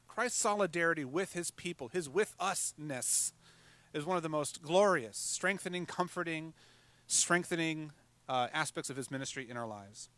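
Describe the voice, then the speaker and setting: Bright-voiced man preaching a sermon. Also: a little high, dry recording. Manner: conversational preaching with fillers and quick asides. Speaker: pastor.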